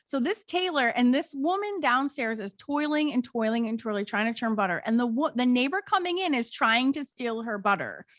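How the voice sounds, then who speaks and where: High-voiced American woman telling a folk tale. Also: moderate pace, few pauses, no echo. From United States. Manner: animated storyteller, reads out old tale with put-on voices. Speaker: podcast co-host. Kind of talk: casual chat, retelling a folk tale.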